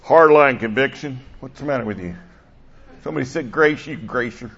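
An older male pastor preaching a sermon, animated, swinging between loud bursts and soft asides. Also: mid-range voice, brisk, husky. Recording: dull lo-fi sound.

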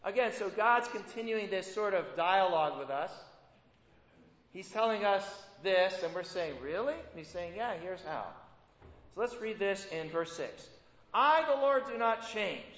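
A man's voice: high-pitched, lively intonation, a little slow, fairly bright tone. A man preaching a sermon in a conversational way, often putting rhetorical questions to his listeners. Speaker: pastor. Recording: echoey hall, dull lo-fi sound.

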